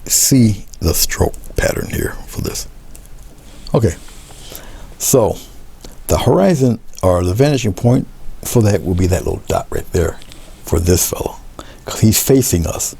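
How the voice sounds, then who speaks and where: A man teaching a painting demonstration, talking relaxed as he paints, repeating short coaching phrases and often trailing off into a murmur. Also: fairly low pitch, measured pace, creaky, long pauses, husky. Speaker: art instructor.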